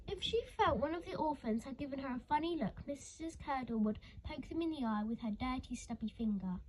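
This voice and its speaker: A woman narrating a children's storybook, expressive and dramatic, dropping into hushed whispers. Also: high-pitched, moderate pace, a little hiss or hum, rough recording. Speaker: audiobook reader.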